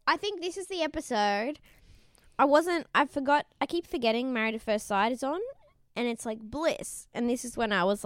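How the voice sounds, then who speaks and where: Here a podcast co-host with a slightly high, smooth voice chats her way through a TV show recap, laughing as she goes. She quotes people by performing them in animated voices, and the recording is dry.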